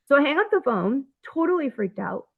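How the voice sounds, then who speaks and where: A woman's voice: high-pitched, big pitch swings, a little fast, vocal fry. Woman retelling events over phone-line audio. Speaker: interview guest. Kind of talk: telling her own story in a podcast interview.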